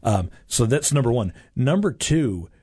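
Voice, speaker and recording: A man's voice: mid-range voice, very animated, a little slow, mellow, slightly rough, no room sound. A man hosting a faith-based radio talk show from a studio, talking in an earnest, encouraging way.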